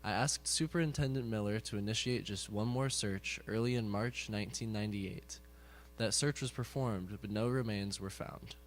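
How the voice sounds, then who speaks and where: A man with a fairly low voice reads a prepared passage aloud from the audience. His delivery is steady and careful, with faint noise behind him. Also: moderate pace. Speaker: audience member reading aloud. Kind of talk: reading a prepared text aloud.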